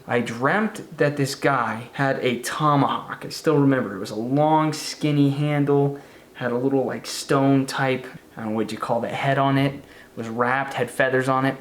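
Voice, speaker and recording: A man casually narrating a spooky true story, now and then acting out the voices of the people in it. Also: medium pitch. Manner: casual, conversational, acts out quoted voices.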